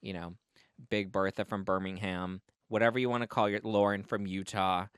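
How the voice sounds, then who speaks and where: A man's voice: on the low side, little pitch movement, normal speed, clear, resonant tone, no room sound, clean studio sound. A man co-hosting a podcast in a sassy, gossipy casual chat. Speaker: podcast co-host.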